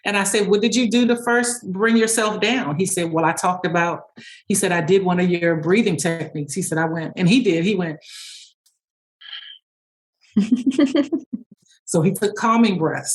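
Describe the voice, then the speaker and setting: A woman speech-language pathologist answering interview questions, telling stories quickly with fillers and restarts and acting out bits of dialogue. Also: on the low side. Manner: storytelling, acts out dialogue.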